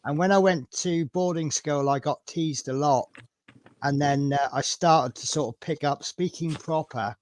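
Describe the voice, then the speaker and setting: A man's voice: a little high, a little slow. A man with a broad Norfolk accent, chatting casually with a fellow modeller on a live stream and telling stories. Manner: chatty, storytelling, restarts often. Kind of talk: casual chat.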